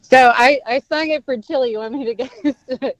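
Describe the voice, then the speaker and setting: A woman's voice: sits high, moderate pace, dry recording. A woman calling in to a morning radio show, friendly and laughing as she chats. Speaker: radio caller. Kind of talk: casual phone chat. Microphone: telephone. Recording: muffled dry phone line.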